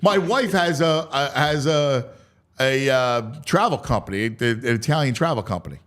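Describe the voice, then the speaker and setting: A man's voice: mid-range voice, expressive, moderate pace, a bit bright. A man hosting a sports talk radio show, chatting casually with many stumbling restarts. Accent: Philadelphia.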